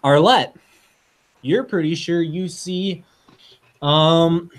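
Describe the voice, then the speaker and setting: A man acting as game master in a tabletop game. He talks in a relaxed, chatty way with ums and laughs. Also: fairly high pitch, very slow. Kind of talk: running a tabletop game over voice chat.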